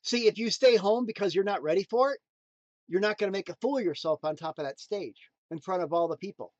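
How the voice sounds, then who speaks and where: A man giving a motivational talk in a preachy, emphatic way, swinging between loud punchlines and quiet asides. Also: sits high, fairly quick, dry recording, dull audio. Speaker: motivational speaker.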